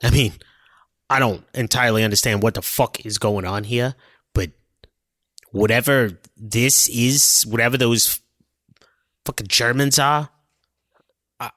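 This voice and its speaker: A man's voice: mid-range voice, a little slow, pauses often, fairly bright tone, no room sound, clean studio sound. Blunt swearing man at a tabletop game. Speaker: player.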